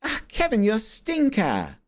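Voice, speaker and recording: A man's voice: high voice, huge pitch swings, measured pace, pitched above the performer's own voice, exaggerated voice. A man voicing a bossy, cheery South African woman tennis coach in a mock South African accent, barking short commands. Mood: bossy teasing.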